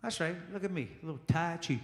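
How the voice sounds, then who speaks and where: A man from Charleston doing a loud, punchy stand-up set and working the crowd in a small jazz club. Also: fairly high pitch, animated, fast talker. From Charleston, South Carolina. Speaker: stand-up comedian. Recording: echoey club room with long reverb.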